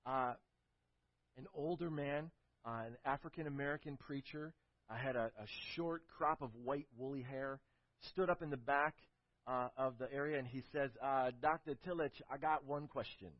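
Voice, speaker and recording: A man's voice: medium pitch, normal speed, no echo. Guy preaching a sermon, tells stories, muffled lo-fi audio. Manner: storytelling with emphatic build-ups, then quiet and prayerful. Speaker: pastor. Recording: dull lo-fi recording.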